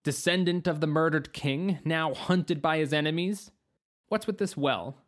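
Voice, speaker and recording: A woman's voice: sits low, measured pace. A narrator voicing a defensive young man hiding his royal identity, flustered in manner.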